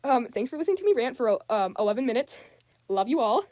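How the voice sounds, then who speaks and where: A woman's voice: fairly high pitch, very animated, quick pace, darkish tone, dry recording. A teenage girl, upset, rambling through a casual rant to camera, repeating herself with lots of ums. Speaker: student vlogger.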